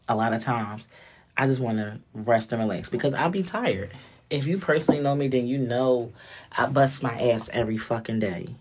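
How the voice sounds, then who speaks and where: Blunt, husky woman. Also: extremely low pitch, normal speed, a little mellow. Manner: blunt, profane, direct. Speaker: vlogger. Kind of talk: casual monologue.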